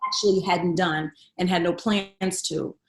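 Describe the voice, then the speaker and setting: Animated woman telling a story, roomy sound. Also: lowish voice, a little slow. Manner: animated, acts out quoted voices, swings between hushed and loud. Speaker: guest comedian. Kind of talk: candid storytelling chat.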